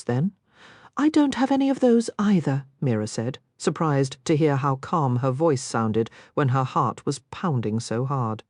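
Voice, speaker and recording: A woman narrating an audiobook in a scripted, expressive reading on a close mic. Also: low-pitched, dry recording.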